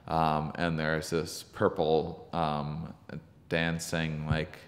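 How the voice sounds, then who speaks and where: A comedian being interviewed, telling a story in a halting, searching way with many ums and restarts. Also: male voice, a bass voice, monotone. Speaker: podcast guest, comedian. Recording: long reverb from the room.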